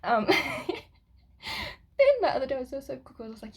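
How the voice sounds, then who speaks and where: A woman's voice: high voice, very animated, normal speed, slightly rough. A woman rambling through a casual spiritual vlog monologue, giggling often and swearing casually. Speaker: spiritual vlogger.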